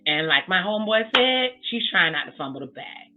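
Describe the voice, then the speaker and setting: A woman's voice: lowish voice, big pitch swings, fairly quick. A woman giving blunt, sassy casual commentary as she recaps a reality TV episode, swearing freely. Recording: tinny phone-like sound with faint music.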